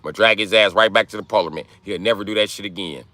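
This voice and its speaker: A man's voice: on the low side, quick pace, pushed and bright, no room sound. A man hosting a livestream, ranting in brash, profane trash talk. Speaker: livestream host. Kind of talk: live-stream rant.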